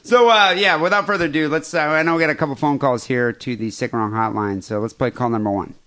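A man's voice: medium pitch, fast talker, a bit bright. A man co-hosting a casual podcast, rambling and mocking, with lots of fillers. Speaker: podcast co-host.

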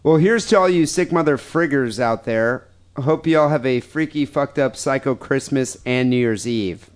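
A man's voice: mid-range voice, normal speed, smooth. A man hosting a podcast, reading listener emails aloud with crude, profane, joking banter. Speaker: podcast host.

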